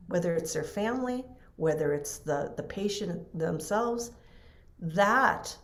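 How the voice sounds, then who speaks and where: Middle-aged woman, lowish voice, earnest storyteller on a podcast, keeps restarting herself. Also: gravelly. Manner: earnest, emotional, restarts often. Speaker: podcast guest. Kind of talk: conversational storytelling.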